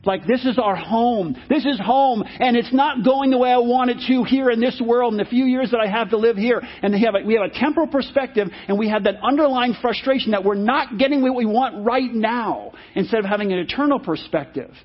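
A man's voice: extremely high pitch, brisk, hardly any pauses. A male pastor preaching a sermon, emphatic and repeating his key phrases. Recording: dull lo-fi sermon recording.

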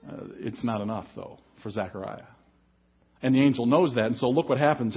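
A man's voice: medium pitch, brisk, breathy edge, muffled recording. A man preaching an emphatic sermon as pastor at a church service. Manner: emphatic preaching, reads scripture aloud.

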